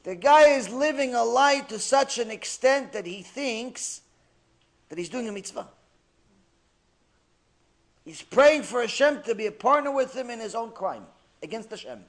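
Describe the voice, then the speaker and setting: High-voiced animated preaching man. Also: measured pace, long pauses. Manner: animated storyteller, acting out characters, swings from loud to hushed. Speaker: rabbi teaching a class. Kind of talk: sermon.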